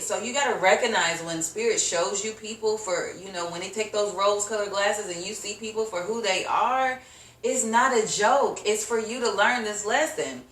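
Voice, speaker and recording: A woman's voice: mid-range voice, normal speed, a bit bright, far from the mic, slight background noise. Chatty woman tarot reader, echoey room. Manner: chatty, slangy, laughs often, acts out reactions. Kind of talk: casual tarot reading to viewers.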